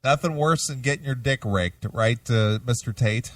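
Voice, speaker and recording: A man's voice: mid-range voice, moderate pace, distant mic, heavy background noise. A man hosting a radio show in playful, mock-apologetic banter. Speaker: radio host. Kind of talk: casual comedic radio banter.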